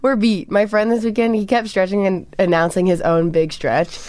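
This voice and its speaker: A woman's voice: medium pitch, steady tone, normal speed, darkish tone, no echo. A young woman co-hosting an internet radio show, chatting casually with lots of fillers and frequent laughter. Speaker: radio co-host.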